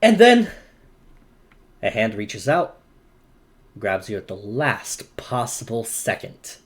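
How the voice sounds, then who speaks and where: A man narrating as game master in a tabletop game, slow and dramatic. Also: medium pitch.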